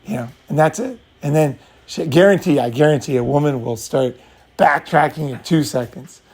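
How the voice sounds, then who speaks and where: A man's voice: fairly high pitch, normal speed, darkish tone. A man talking casually as a dating coach, blunt and profane, acting out both sides of a breakup. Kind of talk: casual talk with acted-out scenes.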